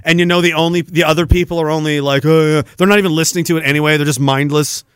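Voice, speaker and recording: A man hosting a solo rant show, swearing, laughing and lurching between shouted outbursts and low mumbles. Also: fairly even intonation, very fast, clear, resonant tone, no room sound, studio quality. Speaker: podcast host. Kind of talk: ranting solo monologue.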